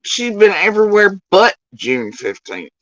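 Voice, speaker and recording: A woman's voice: medium pitch, big pitch swings, measured pace, dry recording, rough recording. A woman streamer, ranting and swearing in sarcastic, mocking commentary on clips she plays.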